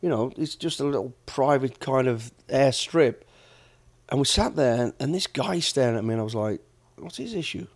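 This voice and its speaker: A man's voice: medium pitch, normal speed. Blunt middle-aged British man. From United Kingdom. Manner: blunt, plain-spoken, swears casually. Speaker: podcast host, former soldier and bodyguard. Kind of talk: casual chat, storytelling.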